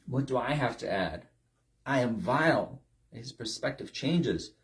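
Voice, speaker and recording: A man's voice: medium pitch, animated, a little slow. A man preaching a sermon, stressing his points with repeated rhetorical questions. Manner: emphatic, repetitive rhetorical questions.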